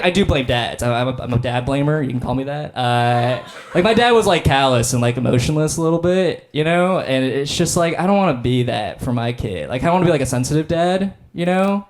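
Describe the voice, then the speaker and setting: Man, young adult, stand-up comedian, laid-back, rambling, filler-heavy, medium pitch, faint background noise. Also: expressive, normal speed. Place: comedy stage before a live audience.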